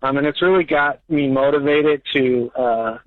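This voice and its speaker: A man's voice: mid-range voice, moderate pace, no echo. A nervous man calling in to a radio show, asking his question hesitantly with lots of fillers. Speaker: caller. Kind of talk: call-in question. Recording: tinny phone line.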